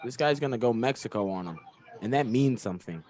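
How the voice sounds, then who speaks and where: This is a man in casual fight-night banter, loose and rambling, full of slang and jokes. He speaks at an ordinary mid pitch, sounding like one of the regular hosts chatting with friends. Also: animated, a little fast, a little mellow, slight background noise. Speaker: podcast co-host.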